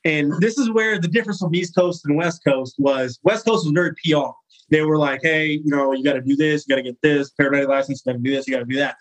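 A man from California in his thirties, talking as a guest firefighter in a relaxed interview. His voice sits a little high for a man, and he tells his story with animation, slipping into the voices of the people he met. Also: quick pace, low-quality recording. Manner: animated, acts out quoted voices.

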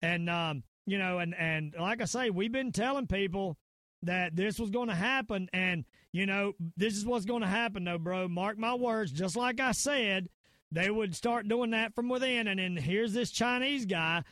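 High-voiced Southern man ranting. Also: normal speed, fairly bright tone, dry recording. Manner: rambling and emphatic, with frequent fillers and restarts. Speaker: podcast host. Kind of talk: casual conspiracy-minded rant.

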